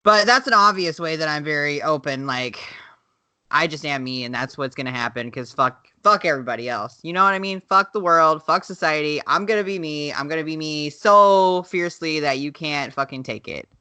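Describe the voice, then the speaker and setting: Southern co-host w a light accent, bright voice, blunt n sweary, dry close mic. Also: female voice, deep voice, normal speed, clean tone, dry recording. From American South. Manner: frank, swears freely, laughs often. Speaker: podcast co-host. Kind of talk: casual chat.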